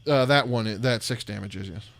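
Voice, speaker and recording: A man's voice: fairly low pitch, creaky, fairly bright tone, a little hiss or hum. A man running a tabletop game as dungeon master, narrating combat and often correcting himself. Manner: apologetic, self-correcting, quick rules talk.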